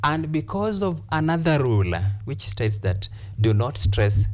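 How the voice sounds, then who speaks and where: Slow, deliberate male teacher. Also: a little high, sing-song. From Kenya. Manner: slow, repetitive, deliberate explanation. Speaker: English teacher. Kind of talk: classroom lesson on word stress.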